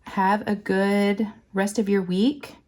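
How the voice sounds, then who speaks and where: A woman hosting a crafting channel, chatting casually while she works, her voice hoarse and scratchy from being sick, rambling along with lots of fillers. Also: mid-range voice, level tone, slow pace, darkish tone. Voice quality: raspy, scratchy. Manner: rambling and chatty, full of fillers, says y'all. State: hoarse from illness. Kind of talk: casual chat while diamond painting.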